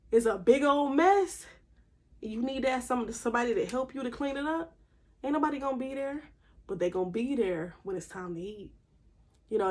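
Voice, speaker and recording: A woman, talking candidly and emphatically to camera in a casual vlog monologue. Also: on the high side. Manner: candid, emphatic, conversational with slang. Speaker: vlogger.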